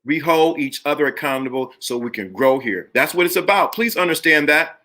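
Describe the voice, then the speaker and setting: A man's voice: on the high side, expressive, a little fast, pushed and bright. A middle-aged man hosting a live motivational talk to viewers, preachy and emphatic, and he repeats lines to drive his point home. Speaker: live stream host.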